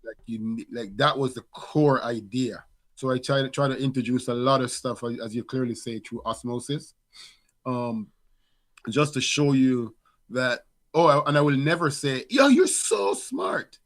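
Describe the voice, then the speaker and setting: A man's voice: mid-range voice, steady tone, moderate pace, a bit bright. Reflective middle-aged man, frequent restarts. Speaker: podcast co-host, father. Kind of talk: casual conversation.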